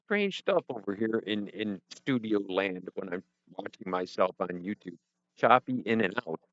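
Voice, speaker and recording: Animated and a bit bright, his lowish voice moves at normal speed with no echo as he hosts a casual home-studio livestream. He rambles, cracks self-deprecating jokes to chat and talks to himself while adjusting settings, on a headset or desk mic with headphones that sounds dull and muffled.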